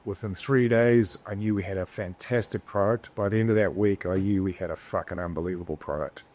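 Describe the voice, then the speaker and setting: Low-voiced man telling rambling stories. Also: steady tone, fairly quick, a little mellow. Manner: rambling, swears freely, many restarts. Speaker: podcast guest, business founder. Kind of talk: casual storytelling interview.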